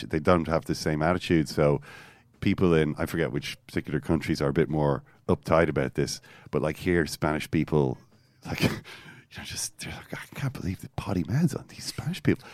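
Guy hosting a football podcast, real deep voice, tells stories with lots of energy, dry mic. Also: dry recording. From Ireland. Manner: animated storytelling, reading quotes aloud. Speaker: podcast host. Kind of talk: casual football chat.

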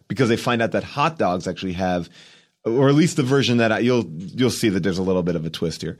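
A man who is a podcast guest, telling anecdotes in a lively, animated way and acting out the dialogue. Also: sits low, quick pace. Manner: animated storyteller, acts out dialogue.

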